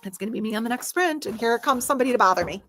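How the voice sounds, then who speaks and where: A woman in her thirties hosting a casual live stream, chatty and animated with frequent laughs. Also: on the high side, very fast. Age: 30s. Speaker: livestream host.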